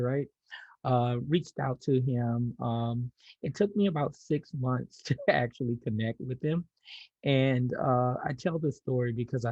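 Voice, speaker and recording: A man's voice: medium pitch, creaky, warm tone, no room sound, highs cut off. A man, a podcast guest, telling a personal story in a casual way, often restarting his sentences. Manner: repeats words when starting, laughs lightly.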